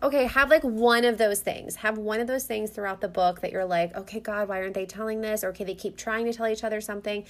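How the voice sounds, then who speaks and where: A woman's voice: medium pitch, steady tone, fast, few pauses. A young woman co-hosting a book podcast, recapping and reacting with emphasis. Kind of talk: casual book discussion.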